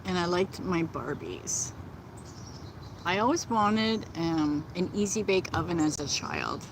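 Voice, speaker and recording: Slow-talking, chatty woman vlogger outdoors. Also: fairly low pitch, very animated, a little hiss or hum, low-quality recording. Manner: gentle, chatty, laughs often. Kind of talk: casual live-stream chat. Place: outdoors in nature.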